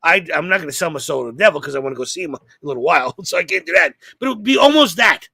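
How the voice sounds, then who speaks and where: A man talks casually on a podcast in a high, gravelly voice with a bright edge. He rambles and acts out quoted lines with animation. The sound is dry and close. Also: very animated, rapid-fire, dry recording. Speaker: podcast co-host. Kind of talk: casual chat.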